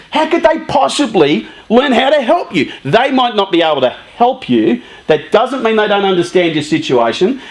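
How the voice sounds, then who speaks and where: A man in his fifties giving a conversational, joking talk to a live youth group, often asking the audience questions. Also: extremely high pitch. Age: 50s. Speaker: youth charity speaker.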